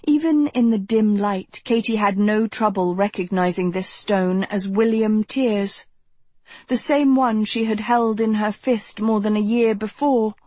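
A woman narrating a novel in an even, measured reading, recorded close to the mic. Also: medium pitch, no room sound. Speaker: audiobook narrator. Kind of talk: scripted narration.

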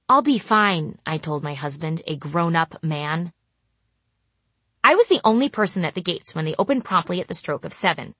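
A woman narrating a comic first-person travel story with a deadpan, dry delivery. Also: fairly low pitch, husky, no echo.

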